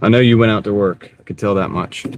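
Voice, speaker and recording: A man chatting casually on a live stream while he drives deliveries, greeting viewers by name in a relaxed, rambling way. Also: fairly low pitch, fast. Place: inside a moving car. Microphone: wireless clip-on mic. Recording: clear car road noise. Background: car and road noise.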